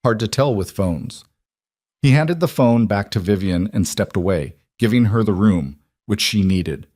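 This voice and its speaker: Low voiced guy reading a story, dry close sound, unhurried. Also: expressive, darkish tone, no room sound. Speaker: narrator. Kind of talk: scripted narration.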